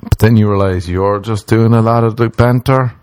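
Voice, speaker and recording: Young Irish man, solo comedy podcaster, lowish voice, close dry mic, loose rambling delivery. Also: fairly even intonation, moderate pace, darkish tone, clean tone, dry recording. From Ireland. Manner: rambling, jokey, jumps into mocking put-on voices. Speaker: podcast host.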